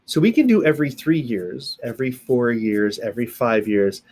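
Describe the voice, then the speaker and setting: This sign language teacher's mid-range voice swings widely in pitch and has a darkish tone, moving at a moderate pace over slight background noise. Alone on camera indoors, he gives a relaxed step-by-step lesson sprinkled with playful sound effects and asides.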